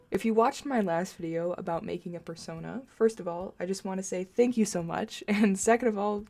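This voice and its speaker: A woman's voice: fairly low pitch, a little mellow. A young woman narrating a scripted art video in a playful, mock-dramatic and sarcastic way.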